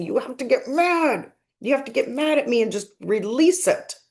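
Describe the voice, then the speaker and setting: A woman medium talking slowly and unhurriedly, her voice in a middle register. She speaks gently and earnestly, circling back over her points in a reflective monologue. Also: medium pitch. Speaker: spiritual medium.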